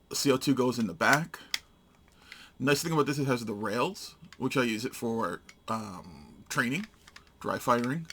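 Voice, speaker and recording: A man's voice: lowish voice, vocal fry, background noise. A man giving a casual, hands-on product demonstration, narrating each step in short, matter-of-fact phrases. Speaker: gun reviewer.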